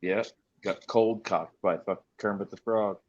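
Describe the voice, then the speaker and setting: A man's voice: fairly low pitch, fairly even intonation, measured pace. A man with an American Southern accent in a casual podcast chat, swearing freely and rambling with restarts while he works on something with his hands. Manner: busy with a hands-on task while talking. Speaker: podcast co-host. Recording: dull lo-fi sound with faint noise.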